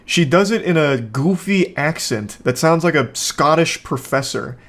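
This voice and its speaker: A man's voice: fairly high pitch, lively intonation, a little slow, a bit bright. A man hosting casual reaction commentary from home, with dry, sarcastic jokes. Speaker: commentary host.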